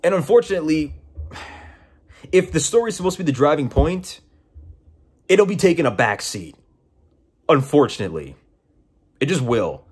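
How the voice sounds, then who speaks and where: A man's voice: on the high side, very animated, moderate pace, pauses often, darkish tone, husky. A young man giving casual game commentary, exasperated and profane, often incredulous. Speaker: game reviewer.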